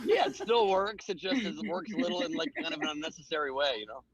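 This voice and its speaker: A man's voice: a little high, expressive, fast, a loud crowd. A man calling in from a beach on a video call, chatting casually and making dry, offbeat remarks. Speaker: comedian guest. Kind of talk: casual chat. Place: outdoors on a beach. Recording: lo-fi call audio.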